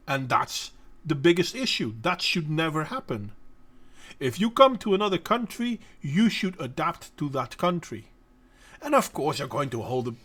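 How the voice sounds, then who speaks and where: Dutch guy, middle-aged, kinda high voice, hosting a chat and talking straight at viewers, blunt and emphatic, stops to hunt for words. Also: a bit bright. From Netherlands. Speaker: host answering viewers. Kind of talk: casual opinionated monologue.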